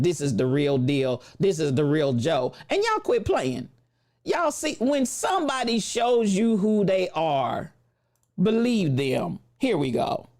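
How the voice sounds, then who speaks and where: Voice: medium pitch, darkish tone. A host with delivering preachy, emphatic reaction commentary, often turning to the viewers directly.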